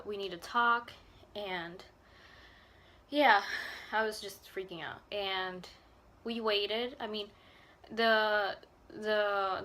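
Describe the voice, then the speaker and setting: Young woman vlogger, bright voice, rambling storytime with lots of fillers. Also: mid-range voice, slight background noise. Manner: emotional and earnest. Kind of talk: personal storytime vlog.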